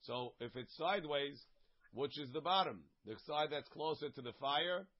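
Man, text study teacher, casual lesson, reads and explains line by line, slightly high voice, dull lo-fi recording. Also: normal speed. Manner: reads a phrase, then translates and explains it plainly. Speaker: teacher of a Talmud class. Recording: dull, lo-fi sound.

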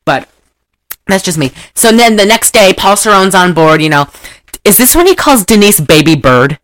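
Animated woman rambling through a film recap. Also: medium pitch, normal speed, no room sound. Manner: rambling and animated, breaks into loud laughter and mock accents. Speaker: podcast host recapping a film. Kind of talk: casual chat.

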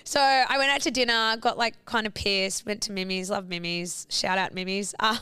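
Chatty young woman, smooth voice. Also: medium pitch, steady tone, moderate pace, sharp tone, no room sound. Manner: chatty storyteller, swearing, lots of "like". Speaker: podcast co-host. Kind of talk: casual chat.

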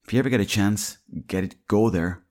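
A low-voiced Irish man talking on his own podcast. He wanders from one anecdote to the next in a loose, chatty way and swears freely as he goes. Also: fairly quick, darkish tone. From Ireland. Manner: rambling, anecdotal, salty language. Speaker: podcast host. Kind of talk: casual storytelling monologue.

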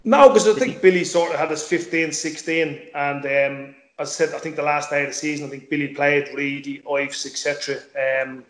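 Brief: middle-aged man, quick and chatty, slightly raised pitch, stumbles over repeated words, recorded in an echoey room. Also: fairly even intonation. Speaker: former footballer, guest. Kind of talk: casual interview chat.

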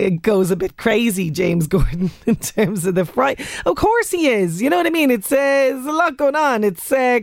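A woman's voice: on the high side, no room sound. A woman with an Irish accent presenting a radio show in casual chat, laughing often as she talks.

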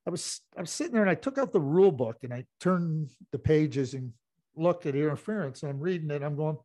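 A man's voice: a little high, expressive, fairly quick, mellow. A middle-aged man, a hockey analyst and former team executive, telling long rambling stories full of filler phrases on a sports talk podcast. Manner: rambling storyteller with many "you know" fillers.

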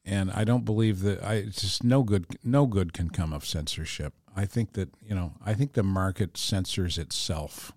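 Man, from Canada, radio veteran, guest, low voice, measured and blunt, dry close sound. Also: a little mellow, dry recording. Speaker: radio personality, podcast guest. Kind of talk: casual podcast chat.

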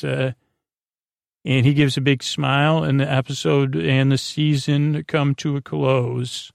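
A man hosting a sleep podcast, retelling a story in a halting, rambling way full of fillers and restarts. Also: medium pitch, flat delivery, vocal fry, dry recording, clean studio sound. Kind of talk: drowsy rambling recap.

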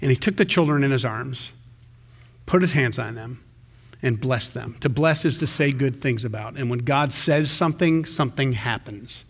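Here a male pastor with a mid-range, slightly rough voice preaches at normal speed. His sermon is lively and conversational, with many restarted sentences.

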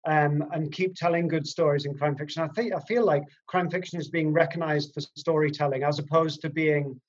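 On a podcast with dull lo-fi sound, a man who writes crime fiction talks a little fast in a steady voice on the high side. He rambles hesitantly through casual chat, leaning heavily on fillers.

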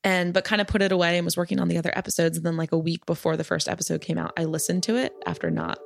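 A woman's voice: on the low side, level tone, very fast, vocal fry. A woman who makes a podcast, talking frankly and chattily in an interview, with lots of filler words. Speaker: podcast creator. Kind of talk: casual interview chat.

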